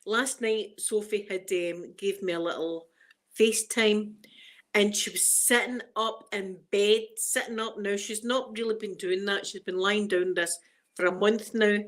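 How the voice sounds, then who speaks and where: A woman's voice: medium pitch, steady tone, unhurried. A middle-aged Scottish woman hosting a casual live chat, emotional and fighting back tears as she greets viewers by name. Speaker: livestream host.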